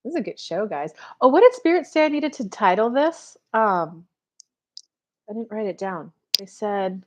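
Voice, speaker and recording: A woman's voice: medium pitch, sing-song, moderate pace, darkish tone. A woman, a spiritual coach hosting a casual live show and chatting straight to her viewers with many fillers. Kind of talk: casual live-stream chat.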